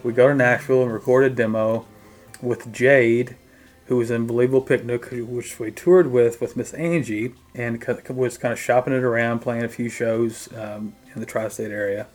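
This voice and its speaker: A man's voice: medium pitch, steady tone, normal speed, a little mellow. A middle-aged man, a drummer, casually recounting his band days in an interview, mimicking the people he quotes. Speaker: guest musician, drummer.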